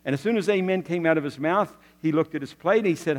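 A man's voice: a little high, fast, few pauses, in a large hall. A male pastor preaching a folksy, joking sermon and drawing the congregation in with questions and prompts.

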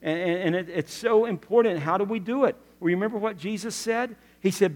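A man's voice: high voice, fairly quick, hardly any pauses, darkish tone. Folksy male preacher in a reverberant hall. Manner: folksy, joking preaching with audience prompts. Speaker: pastor. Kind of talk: sermon.

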